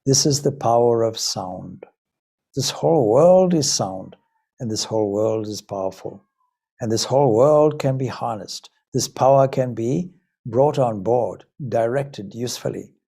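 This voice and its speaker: A man's voice: mid-range voice, expressive, a little slow, creaky, warm tone, husky. A man from Zimbabwe, a Vedanta swami, giving a reflective spiritual talk full of rhetorical questions. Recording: Ireland talk.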